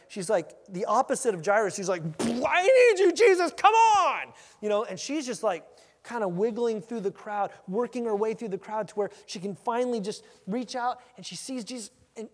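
A man with a high voice gives a sermon in a casual, conversational way. He acts out the scene with lively energy as he teaches. His voice carries a long reverb from a large hall. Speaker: pastor. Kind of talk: expository sermon.

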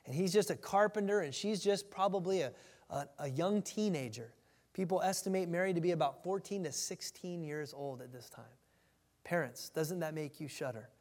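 A male pastor preaching a conversational sermon, animated at times and dropping to a hush for emphasis. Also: fairly high pitch, normal speed, long reverb tail.

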